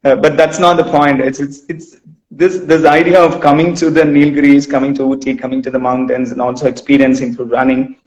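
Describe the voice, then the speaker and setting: A man's voice: mid-range voice, flat delivery, fairly quick, darkish tone, lo-fi sound. Rambling man hosting. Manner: rambling, repeats words, many restarts. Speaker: host and running coach. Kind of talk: casual interview chat. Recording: roomy echo.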